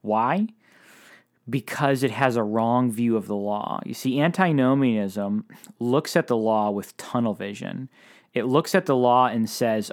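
A man's voice: medium pitch, unhurried. A man preaching a sermon in an earnest, conversational way, with frequent fillers.

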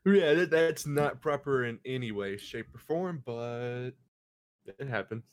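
A man's voice: medium pitch, measured pace. A man co-hosting a casual chat, rambling and laughing as he talks. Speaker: podcast co-host.

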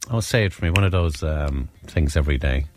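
A man's voice: very deep voice, brisk, darkish tone. An Irish man telling a holiday story in casual chat, rambling and self-interrupting, often laughing at his own tale.

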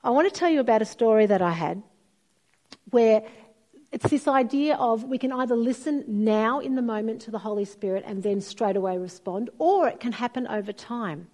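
A woman's voice: a little high, normal speed. A middle-aged woman, preaching a sermon and telling stories expressively. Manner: storytelling, expressive, acts out quoted voices.

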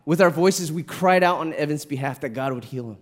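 A middle-aged male pastor preaching a sermon, his voice a little higher than most men's. He speaks earnestly, often repeating words and restarting phrases as he goes. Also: brisk. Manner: earnest, repeats words when moved, rises to an impassioned pitch in the story.

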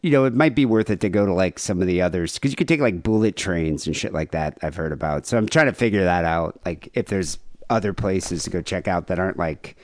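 A man's voice: low-pitched, a little fast, hardly any pauses, dry recording. A man in his thirties, hosting a casual comedy podcast, rambling and joking with laughs. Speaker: podcast host.

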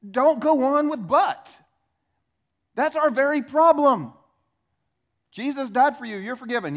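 A man preaching a sermon as pastor, animated, acting out little dialogues in changing voices. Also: very high-pitched, measured pace, pauses often. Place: church.

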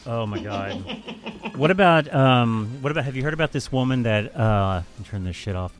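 A male podcast host in loose, casual conversation with a voice of ordinary pitch. He tells his story crudely, swears freely, mocks his subject and keeps laughing along the way. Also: lively intonation, moderate pace, faint music behind. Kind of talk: casual chat.

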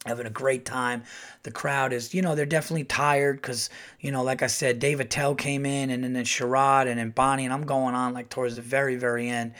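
A middle-aged man telling a casual, animated story as a comedian hosting his podcast. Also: fairly quick. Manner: animated, acts out quotes in a louder higher voice.

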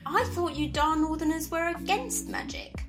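A man's voice: extremely high pitch, moderate pace, over music, voice pushed up, low-quality recording. A man voicing a kindly, gossipy old female centaur shopkeeper in a tabletop game. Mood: chatty. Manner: gossipy, salesy. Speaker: game master.

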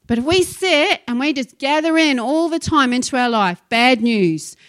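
Woman pastor, emphatic sermon, fairly high voice, dry sound. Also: lively intonation, normal speed, a bit bright, dry recording. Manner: impassioned, emphatic preaching with storytelling.

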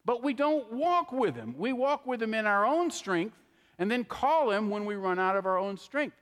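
High-voiced pastor preaching. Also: male voice, big pitch swings, normal speed, fairly bright tone. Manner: conversational preaching with frequent "okay?" asides. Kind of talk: sermon. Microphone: handheld microphone. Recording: long hall reverb.

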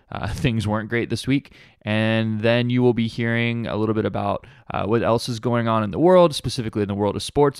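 A man's voice: lowish voice, clean tone, dry recording, studio quality. A man hosting a podcast, talking in a wry, casual way with plenty of fillers. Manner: wry, chatty, lots of fillers. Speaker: podcast host.

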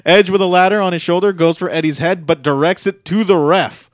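Lively higher-voiced man recapping wrestling. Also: fairly quick, heavy background noise. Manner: lively play-by-play, rising loudly on big moves. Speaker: podcast co-host recapping a wrestling match. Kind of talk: casual chat with play-by-play recap.

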